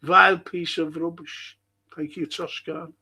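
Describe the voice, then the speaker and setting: An older Liverpudlian man hosts a livestream, chatting casually, reading viewers' messages aloud, and telling stories laced with swearing and laughter. His voice is on the high side, steady, a little slow, sharp, and breathy at the edges.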